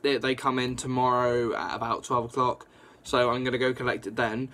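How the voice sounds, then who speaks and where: A young man casually reviewing a comic book, rambling and excitable, with lots of fillers and restarts. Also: mid-range voice, fairly quick. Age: young adult.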